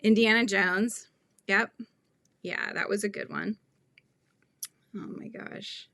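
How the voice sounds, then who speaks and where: Chatty, gravelly-voiced woman crochet host. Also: medium pitch, fairly even intonation, takes it slowly, sharp tone, no echo, studio quality. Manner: chatty, rambling, laughs often, reads viewer comments. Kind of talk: casual livestream chat while crocheting.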